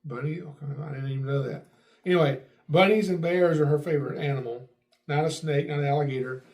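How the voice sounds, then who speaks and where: A middle-aged man hosting a podcast, telling a family story in a lively way and acting out what people said. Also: a little high, quick pace. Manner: animated, acts out quotes with raised voice. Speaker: podcast host. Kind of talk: casual storytelling.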